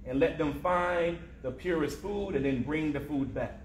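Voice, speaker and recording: A man voicing a pious older woman traveler who answers only in scripture, in a calm, measured recitation. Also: a little high, a little hiss or hum, natural voice. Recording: roomy echo.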